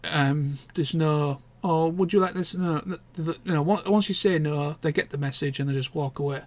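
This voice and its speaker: A man's voice: fairly high pitch, normal speed. A young man, chatting casually and candidly in a rambling vlog catch-up, with the odd swear word. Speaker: vlogger. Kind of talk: casual chat.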